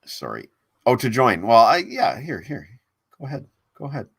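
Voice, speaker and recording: A man hosting a casual livestream, rambling with halting restarts and reading viewer comments aloud. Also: mid-range voice, wildly swooping pitch, gravelly, breathy edge, no room sound. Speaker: livestream host. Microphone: desk mic on a laptop stream.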